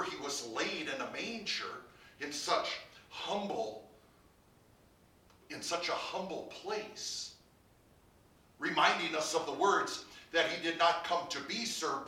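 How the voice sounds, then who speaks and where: A man preaching a sermon as pastor, building to emphatic peaks and dropping to quiet, low lines. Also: distant mic. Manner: preaching with rising emphasis and soft drops. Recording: roomy, from off the mic.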